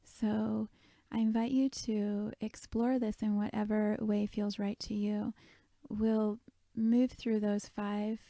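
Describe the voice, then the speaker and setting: Soft-spoken woman doing a guided meditation, low gravelly fry, pretty flat delivery, half whispering a lot. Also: slow pace, dry recording.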